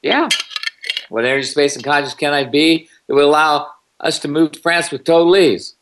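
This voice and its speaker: A man's voice: on the high side, normal speed, fairly bright tone. A man hosting a call-in talk show who speaks familiarly to the caller. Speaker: host.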